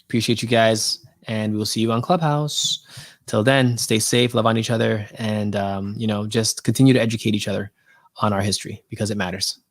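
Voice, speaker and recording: A man's voice: on the low side, steady tone, fairly quick, no echo, studio quality. A man hosting a podcast livestream, chatting casually and thanking viewers, with many fillers and restarts. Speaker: podcast host.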